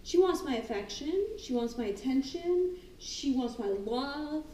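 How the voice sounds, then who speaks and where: Animated woman dog trainer, high voice, echoey room, mic set back. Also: unhurried, slight background noise. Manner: animated, acts out excited calls and the dogs' thoughts. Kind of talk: casual talk on dog training. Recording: roomy, distant mic, faint ambience.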